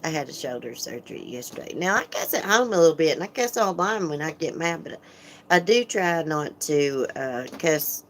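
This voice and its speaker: A woman with a low voice hosts a casual livestream. She talks frankly and chattily, laughing often and greeting viewers by name as she reads their comments. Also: a little hiss or hum. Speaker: livestream host.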